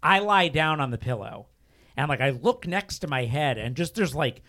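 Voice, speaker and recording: Bright-voiced young man telling a rambling story. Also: a little high, moderate pace. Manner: rambling, animated, lots of fillers and laughter. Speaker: storyteller guest. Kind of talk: casual storytelling.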